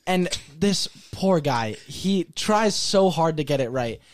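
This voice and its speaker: Young male co-host, chatty storyteller, raised voice with a wide swinging pitch. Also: expressive, takes it slowly. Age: young adult. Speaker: podcast co-host. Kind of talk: casual chat.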